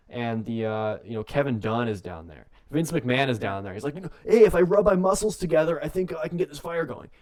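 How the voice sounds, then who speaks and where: A young man co-hosting a wrestling podcast on the radio, telling a comedic story in a rambling, jokey way and breaking into quick put-on voices. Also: medium pitch, a little mellow. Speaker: podcast co-host.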